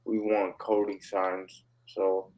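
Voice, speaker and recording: A man co-hosting a podcast in casual chat, speaking slowly and tentatively. His voice sits fairly low, and he hedges often with little fillers. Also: completely flat delivery, darkish tone, low-quality recording. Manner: slow, tentative, hedging with "like". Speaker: podcast co-host.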